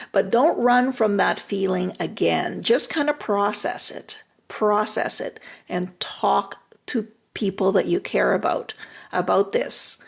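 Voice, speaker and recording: A woman's voice: medium pitch, gravelly, husky. An older woman, a retired relationship therapist, giving direct, reassuring advice on a live stream and often repeating her phrases.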